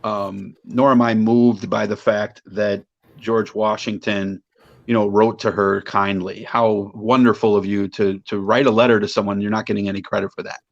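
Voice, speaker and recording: A man's voice: lowish voice, flat delivery, vocal fry, muffled recording. A man co-hosting a podcast, chatting in a casual debate and picking his words with care as he goes. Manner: measured, searching for words. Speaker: podcast co-host.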